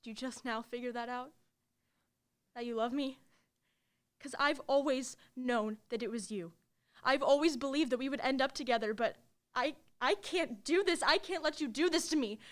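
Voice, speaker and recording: A young woman's high voice, hurt and reproachful, as an actress reads the part. She plays a girlfriend who is firmly ending a relationship. It comes from a live reading of a new play. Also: moderate pace, lightly acted. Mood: heartbroken. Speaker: stage actor in a play reading.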